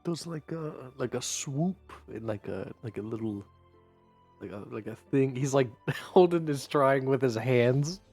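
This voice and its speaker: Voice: mid-range voice, a little slow, a little mellow, slightly rough, soft background music. A player in a tabletop game, giggly and hesitant. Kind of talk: casual tabletop play.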